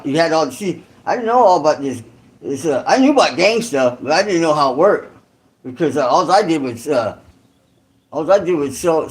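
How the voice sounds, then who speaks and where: A man from California telling a rambling story in casual, profane street slang. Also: high-pitched.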